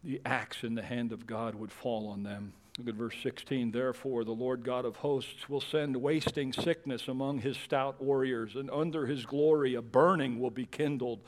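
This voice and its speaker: A man preaching a sermon, swinging between quiet whispers and loud, emphatic passages. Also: mid-range voice, fairly even intonation, moderate pace, hardly any pauses. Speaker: pastor.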